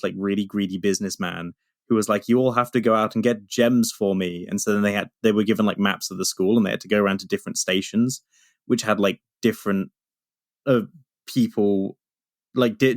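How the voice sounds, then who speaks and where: A man's voice: lowish voice, dry recording, clean studio sound. A young man co-hosting a podcast, telling stories in a rambling way with many restarts. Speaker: podcast co-host. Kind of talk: casual chat.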